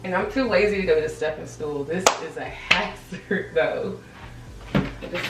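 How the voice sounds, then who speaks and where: A woman's voice: on the low side, a little slow, reverberant, over music. A woman chatting casually to her viewers while decluttering her home office, rambling and filling her talk with "like". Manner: chatty, rambling, heavy use of "like", addresses viewers directly. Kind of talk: casual vlog chat to camera.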